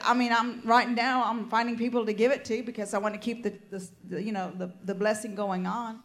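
A woman's voice: a little high, steady tone, brisk, few pauses. An older woman preaching a sermon, fervent and peppered with amens and hallelujahs, telling personal stories with asides.

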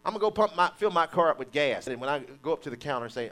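A man's voice: a little high, very fast. A man preaching a sermon, calling on the congregation to repeat after him and acting out quoted voices. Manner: animated preaching with call-and-response and mock quotes.

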